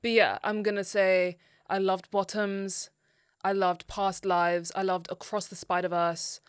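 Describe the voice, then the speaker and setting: A woman's voice: medium pitch, flat delivery, unhurried, smooth, no room sound. Chatty woman, dry sound. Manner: chatty, rambling, with many fillers and restarts. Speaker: podcast co-host. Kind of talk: casual chat.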